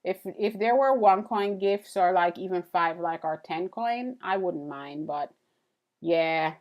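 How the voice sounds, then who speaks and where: A woman's voice: on the low side, slow, a little mellow. Chatty woman streaming while drawing. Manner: chatty, thanks viewers, many fillers and restarts. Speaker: illustrator live-streaming a drawing session. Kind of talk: casual live-stream chat with viewers.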